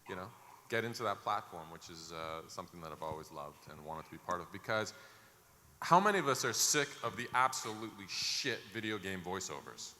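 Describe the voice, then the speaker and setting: A man with a fairly low voice talks through a panel mic at a big convention, candid and a little joking, trailing into fillers now and then. His words ring out with a long hall reverb over a clear layer of background noise. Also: animated, brisk, sharp tone. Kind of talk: casual panel talk.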